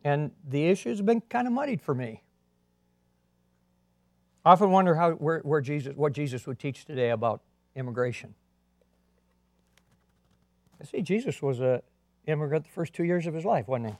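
Fairly high-voiced pastor preaching, earnest, gets loud then quiet, dry close sound. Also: male voice, lively intonation, normal speed, pauses often, no echo. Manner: earnest, swings between emphatic and quiet. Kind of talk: sermon.

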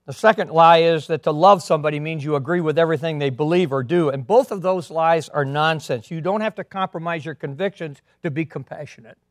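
A man preaching a sermon as a pastor, earnest, swinging between emphatic and quiet delivery. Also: on the high side, fairly quick, hardly any pauses, dry recording, studio quality.

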